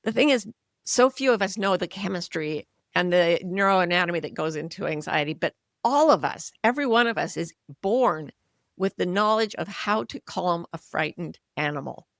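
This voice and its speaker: Woman, 60s, podcast guest; gravelly low voice, earnest explainer, dry close sound. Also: lively intonation, moderate pace, no echo. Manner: earnest, explanatory, softens voice when modeling kindness. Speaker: author and coach, podcast guest. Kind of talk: conversational interview.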